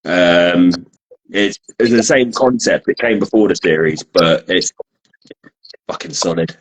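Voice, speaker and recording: A man's voice: deep voice, unhurried, breathy edge, low-quality recording. A man hosting a podcast, laid-back and sweary as he wraps up with the guest. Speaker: podcast host. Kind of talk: casual chat.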